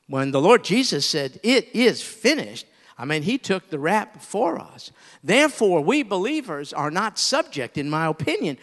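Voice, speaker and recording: A middle-aged male pastor preaching in a fairly high voice, shifting between easy storytelling and fervent, emphatic appeals. A long reverb trails his words through the hall. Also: sing-song, normal speed, a bit bright. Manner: storytelling, rising to emphatic pleas. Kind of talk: sermon.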